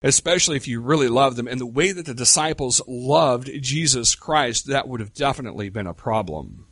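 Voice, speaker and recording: Middle-aged man preaching, casual and emphatic, mid pitch, dry close recording. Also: animated, fairly bright tone, no echo. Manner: conversational, rhetorical questions, slow emphatic pauses. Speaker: pastor. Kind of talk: sermon.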